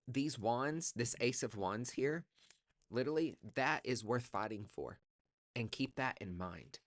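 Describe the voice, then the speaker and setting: A man's voice: lowish voice, a bit bright, no room sound, clean studio sound. A man giving a casual tarot reading, sassy and profane, calling the listener honey and giving an emphatic pep talk. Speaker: tarot reader.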